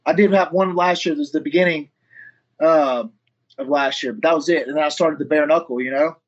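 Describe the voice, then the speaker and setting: A man's voice: a little high, brisk, muffled recording. A man, a fighter and firefighter, telling a long story in casual interview chat, swearing freely and acting out what others said. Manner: rambling storyteller, swears freely, acts out quotes.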